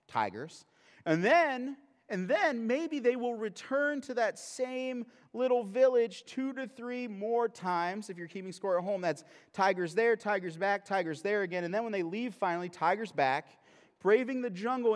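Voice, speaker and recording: Conversational male pastor preaching a sermon. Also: high voice. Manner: humorous, conversational, then earnest. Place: church sanctuary. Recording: long reverb of a large hall.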